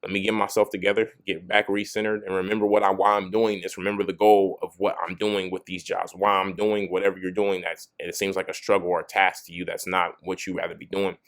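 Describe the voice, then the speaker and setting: A man's voice: low-pitched, level tone, fast talker, few pauses. A young man giving a casual motivational talk to camera, often saying "you know what I'm saying" and restarting his sentences. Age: young adult. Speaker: motivational video host.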